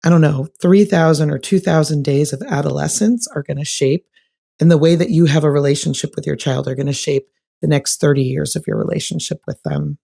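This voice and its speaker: A middle-aged woman co-hosting a podcast, chatting casually and reacting quickly to her co-host. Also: deep voice, creaky, warm tone. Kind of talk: casual conversation.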